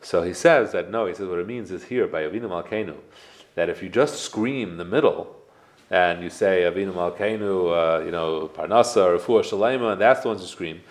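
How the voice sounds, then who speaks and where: Man, rabbi teaching a class, very low voice, rapid, asks rhetorical questions. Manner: explains with rhetorical questions, quotes prayers. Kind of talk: casual Torah class.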